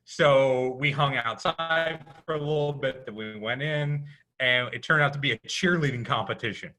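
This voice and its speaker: Bright-voiced man rambling through a story. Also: mid-range voice, moderate pace. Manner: rambling, with many restarts and "you know". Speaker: podcast co-host. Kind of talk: casual storytelling chat.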